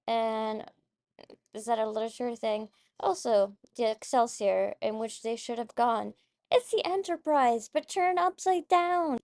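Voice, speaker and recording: A woman hosts a podcast, rambling casually about a movie she loves, with many fillers, free swearing, and moments of emotion. Her voice is on the high side and darkish in tone, and she speaks unhurriedly.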